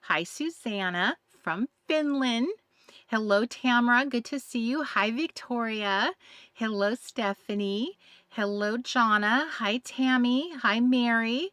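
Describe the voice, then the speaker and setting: A woman's voice: on the high side, takes it slowly, a bit bright, smooth, dry recording. A woman hosting a live craft stream, chatting casually and greeting viewers by name, with many fillers. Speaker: craft livestream host. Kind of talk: casual livestream chat.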